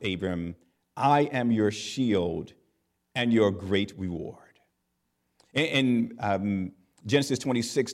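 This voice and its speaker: A man preaching a sermon, reading scripture slowly and emphatically, with dramatic rises in pitch and loudness.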